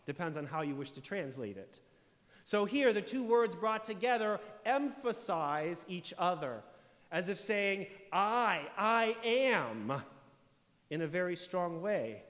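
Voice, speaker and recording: A man's voice: high-pitched, big pitch swings, slow pace, a bit bright, long reverb tail. A man preaching a sermon as pastor, explaining scripture emphatically and posing rhetorical questions. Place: church sanctuary.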